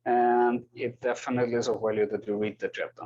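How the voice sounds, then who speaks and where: Captured in a dull lo-fi classroom recording, an Austrian German-accented university lecturer fields questions and calls the roll. His warm, mid-range voice moves quickly with little pitch variation, and he's hesitant, apologetic, and prone to repeating words.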